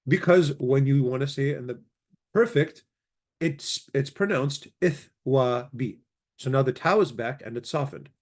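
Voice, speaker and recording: A man teaching a language lesson with an easygoing, conversational delivery. He stops to spell out each form and repeats the conjugations slowly and carefully. His voice sits at an ordinary, middle pitch for a man. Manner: relaxed explaining, repeats word forms slowly. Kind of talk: casual grammar lesson, reciting conjugations.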